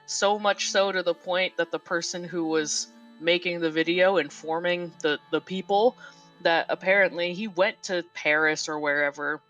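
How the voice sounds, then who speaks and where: A woman's voice: on the low side, fairly even intonation, normal speed, a bit bright, faint music behind. A woman chatting casually as a co-host, telling stories and laughing easily. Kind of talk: casual stream chat.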